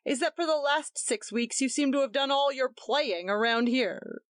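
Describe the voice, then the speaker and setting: A woman's voice: high voice, normal speed, no room sound, studio quality, pitched above the performer's own voice, lightly acted. A woman reading aloud voicing a tense young husband who speaks shortly, steadily and coldly. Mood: stern.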